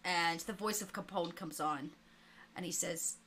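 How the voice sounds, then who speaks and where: Woman, game master, tabletop narration, relaxed, bright tone, laughs often. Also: lowish voice, normal speed, a little hiss or hum.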